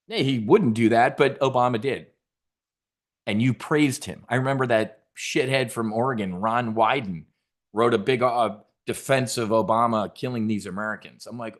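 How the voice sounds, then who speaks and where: A man at a mid-range pitch rants in a combative, sarcastic way, swearing often. He punches key words with sudden loud bursts. He sounds like a trading show host gone off on a tangent. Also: brisk. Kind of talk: profane political rant.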